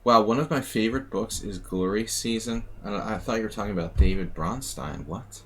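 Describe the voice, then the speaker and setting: A man's voice: on the low side, brisk, fairly bright tone, a little hiss or hum. A man streaming a chess simul, thinking aloud in a muttering, self-mocking way. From United States. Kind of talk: live commentary while playing.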